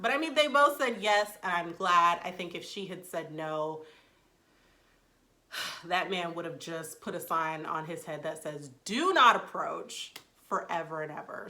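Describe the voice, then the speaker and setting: Bright-voiced woman recapping a reality show. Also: on the low side. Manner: chatty and expressive, with frequent "like" and "um" and vivid reactions. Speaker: TV show reviewer, channel host. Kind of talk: casual spoken recap and review.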